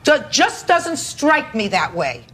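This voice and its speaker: A woman's voice: high voice, sing-song, slow, a bit bright, husky. A woman judge questioning a litigant in court, blunt and sharply probing with no-nonsense directness.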